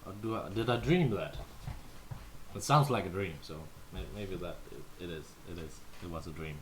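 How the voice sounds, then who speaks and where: A man's voice: low-pitched, normal speed, slight background noise. A Danish man, whose first language is Danish, chatting casually with viewers as a livestream host, playful and full of fillers. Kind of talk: casual chat answering viewers.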